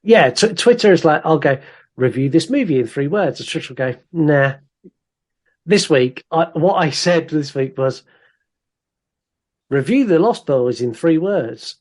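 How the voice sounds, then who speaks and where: A man's voice: a little high, measured pace. A man co-hosting a casual podcast, animatedly reading out listener comments. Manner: animated, reads listener comments aloud with put-on voices. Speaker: podcast co-host. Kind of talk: casual chat.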